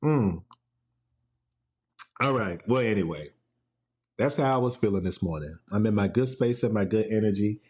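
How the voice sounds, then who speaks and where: A man's voice: fairly low pitch, expressive, normal speed, long pauses, darkish tone. A man hosting a casual solo podcast from home, playful and laughing often as he talks. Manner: playful, laughs often, quotes TV clips in put-on voices. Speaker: podcast host.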